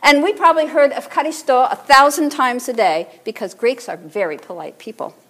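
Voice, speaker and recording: A woman priest giving a sermon in a relaxed, conversational teaching manner, drawing the congregation in to repeat words. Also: high-pitched, fairly quick.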